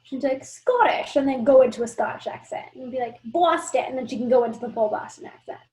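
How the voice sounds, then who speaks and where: High-voiced woman hosting a video call. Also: flat delivery, fast, mellow, poor audio. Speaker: host. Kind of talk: casual video call chat.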